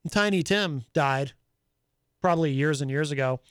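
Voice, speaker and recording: A man's voice: on the high side, normal speed, clean tone, dry recording, studio quality. A man hosting a live talk show in casual chat, reading viewer comments aloud and rambling with many fillers and restarts. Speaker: host.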